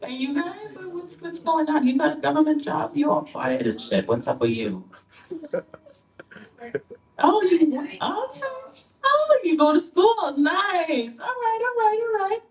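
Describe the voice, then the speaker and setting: Female emcee, playful crowd work, animated pitch, distant club mic. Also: unhurried. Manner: playful teasing banter, laughs often. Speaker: comedy show emcee. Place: comedy club stage.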